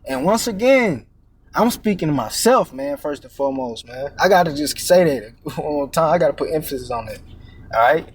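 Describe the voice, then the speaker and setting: A man with a noticeably high voice delivers a casual street-style sermon. He cusses freely, drops "man" and "you know" constantly, and stalls on stammered repeats before pushing his point. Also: lively intonation, normal speed, a little hiss or hum. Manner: casual and profane, many fillers and "man", "all right?"; repeats words while searching, stammering restarts. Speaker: preacher.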